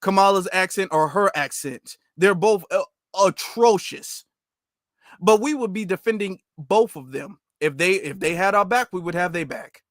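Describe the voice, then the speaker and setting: A man hosting casual commentary in an animated, slangy, mocking way. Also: high voice, moderate pace, no room sound, studio quality. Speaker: commentary channel host.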